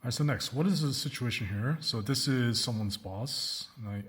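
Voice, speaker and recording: Man teaching in a reverberant room. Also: medium pitch. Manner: slows down to model example sentences, checks with "right?" and "okay?". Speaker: English teacher. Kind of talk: recorded classroom lesson.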